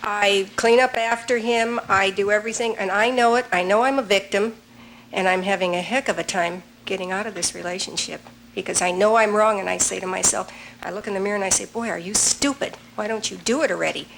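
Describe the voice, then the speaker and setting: A woman's voice: medium pitch, fairly even intonation, fairly quick, gravelly, fairly bright tone, slight background noise, low-quality recording. An older woman from a seminar audience, speaking frankly and self-critically about her own life. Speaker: audience member.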